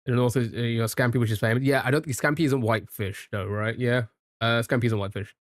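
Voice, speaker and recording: A man's voice: mid-range voice, fairly even intonation, fast, no room sound, clean studio sound. A man from the United Kingdom, streaming and chatting casually, thinking aloud while he guesses and jokes with his chat. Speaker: live streamer.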